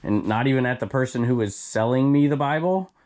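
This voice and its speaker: A man's voice: medium pitch, fairly quick, darkish tone. Opinionated man in a rambling vlog. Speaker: reseller vlogger. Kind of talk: casual talking-to-camera vlog.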